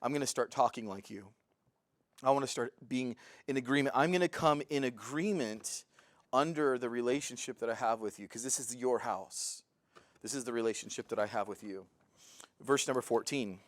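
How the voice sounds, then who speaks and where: Man, Bible teacher, earnest, preacherly, mid-pitched, dry close sound. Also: moderate pace, no echo. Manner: earnest, preacherly, rises to excited fervor. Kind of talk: verse-by-verse Bible lesson.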